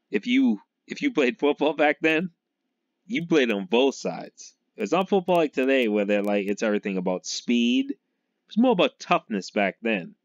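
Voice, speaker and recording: A man's voice: fairly low pitch, no echo. Rambling man from Massachusetts, lo-fi. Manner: laughs often, trails off and restarts. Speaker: sports fan vlogger. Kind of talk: rambling casual monologue. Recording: dull lo-fi recording.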